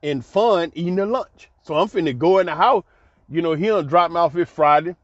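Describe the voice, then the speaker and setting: Recounting his own life in an animated, colloquial way full of exclamations and frequent laughter, this middle-aged man speaks a little fast in a voice on the high side. The recording is dry, dull, and lo-fi.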